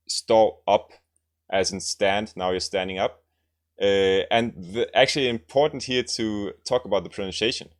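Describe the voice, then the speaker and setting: A man teaches a language lesson to camera. He repeats his example sentences slowly and keeps asking "right?" to check that the listener follows. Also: lowish voice. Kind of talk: explaining grammar to camera.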